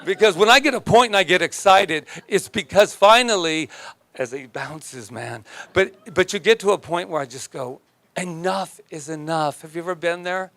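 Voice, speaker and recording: Guy preaching, lively and jokey, kinda high voice, dry sound. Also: moderate pace, no echo. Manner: animated, emphatic and joking, often laughing. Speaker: minister. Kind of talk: sermon.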